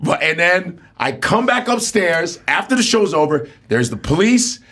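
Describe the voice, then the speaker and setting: A male comedian spins a casual street story and jumps into his characters' voices. His tone is slightly husky and sits a touch higher than most men's. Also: normal speed. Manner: animated, acts out the people in his stories. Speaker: comedian guest.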